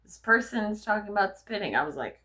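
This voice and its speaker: A young adult woman vlogging, telling personal stories in a frank, animated way and swearing freely. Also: mid-range voice, fairly quick. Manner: frank, profane, animated storyteller. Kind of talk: candid personal storytelling.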